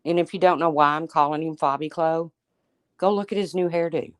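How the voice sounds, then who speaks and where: A woman's voice: low voice, steady tone, a little fast, no room sound. A woman hosting a casual livestream, chatting and teasing as she answers viewers by name. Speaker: livestream host. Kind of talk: casual livestream chat reading viewer comments.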